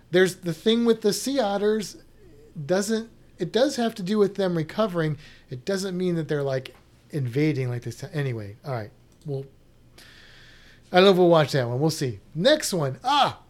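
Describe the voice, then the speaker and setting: Reacting to a show lineup in a casual chat, a science educator speaks at medium pitch with a darkish tone, thinking out loud, restarting often, and sounding doubtful.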